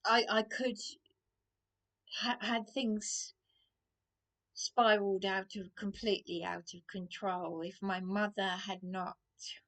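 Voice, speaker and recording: Slow, halting middle-aged woman ranting. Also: medium pitch, level tone. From England. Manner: halting, many restarts, drops into hushed asides. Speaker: vlogger. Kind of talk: rambling rant to camera.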